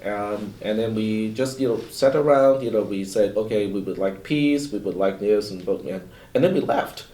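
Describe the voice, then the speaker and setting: A man's voice: lowish voice, normal speed, hardly any pauses, dark tone. Roomy, rambling man from Hong Kong. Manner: rambling, many fillers and restarts. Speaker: professor. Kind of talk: panel discussion. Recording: roomy, distant mic.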